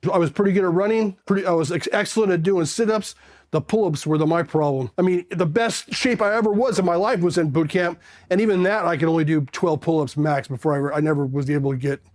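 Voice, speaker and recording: Middle-aged man, interview guest, casual animated storyteller, higher register. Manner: animated, acts out quoted voices.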